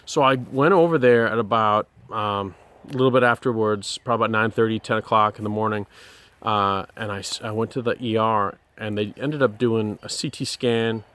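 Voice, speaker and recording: Earnest man telling a halting personal story. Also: on the low side, steady tone, a bit bright, clean tone. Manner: earnest, halting, with many pauses and restarts. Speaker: person sharing a personal testimony.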